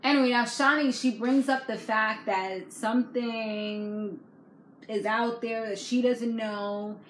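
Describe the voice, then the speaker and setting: A woman's voice: fairly high pitch, steady tone, takes it slowly. A woman vlogger recapping a reality TV episode in a chatty, slangy way, laughing often. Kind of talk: casual chat. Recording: echoey room with faint background noise.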